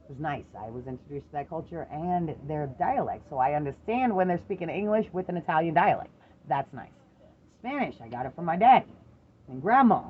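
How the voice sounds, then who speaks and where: A middle-aged parent in a casual chat with their adult daughter, telling lively stories, swearing freely and acting out the voices of the people in them. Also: medium pitch, a little fast, narrow, tinny audio, a little hiss or hum. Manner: animated storyteller, swears freely, acts out quoted voices.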